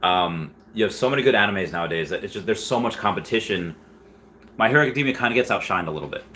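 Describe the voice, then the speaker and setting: A man's voice: on the low side, lively intonation, fast talker, bright, forceful tone, a little hiss or hum. A man in his thirties hosting a casual livestream, rambling through chat questions with many restarts and fillers. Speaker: livestream host answering chat.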